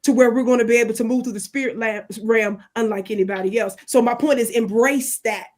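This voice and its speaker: A woman's voice: fairly high pitch, fairly even intonation, fairly quick. Earnest woman teaching spiritual lessons. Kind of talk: panel discussion.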